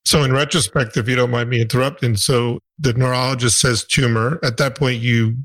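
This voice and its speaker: A man interviewing a guest, asking gentle, hesitant questions. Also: mid-range voice, steady tone, fairly quick, no echo.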